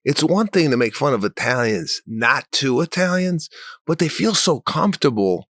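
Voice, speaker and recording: A man co-hosting a podcast, chatting in a relaxed conversational way and swearing casually. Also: medium pitch, moderate pace, no echo, studio quality. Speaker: podcast co-host.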